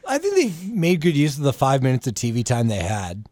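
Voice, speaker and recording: A man co-hosting a casual wrestling talk show in a small studio, throwing in quick wisecracks. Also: mid-range voice, huge pitch swings, a little mellow, no echo. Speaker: podcast co-host.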